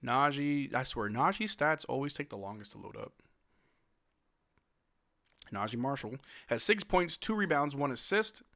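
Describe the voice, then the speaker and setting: Bright-voiced male stream commentator. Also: medium pitch, normal speed, vocal fry, long pauses. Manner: reads chat questions aloud and answers them; loud excited outbursts at big plays. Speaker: livestream host doing play-by-play. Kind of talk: casual watch-along commentary.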